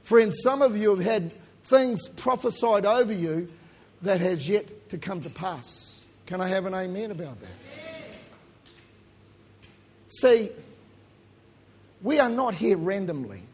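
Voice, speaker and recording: A middle-aged New man preaches in a husky, breathy voice that sits fairly high for a man. He tells his own story with animated swings, building to loud emphasis and then dropping to quiet asides. His New comes through plainly. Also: slow, pauses often. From New Zealand. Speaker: pastor. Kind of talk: sermon with personal story.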